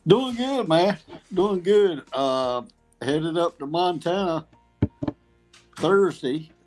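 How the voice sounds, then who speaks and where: A man who competes in barbecue cook-offs, talking as a guest in a casual, halting, laid-back way. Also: a little high, lively intonation, a little mellow, faint music behind. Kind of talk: casual call-in chat.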